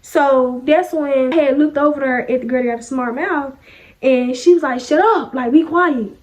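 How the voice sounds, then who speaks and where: 一位年轻女性的声音偏高，以随意聊天的方式讲述学校里的故事，语气泼辣爽快，时常模仿别人说话的口吻。她的声音高而明亮，叙述流畅，带有生活化的口语感。. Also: female voice, sits high, normal speed, a little mellow. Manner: chatty, sassy, acts out quoted lines. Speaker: vlogger. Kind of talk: casual storytime vlog.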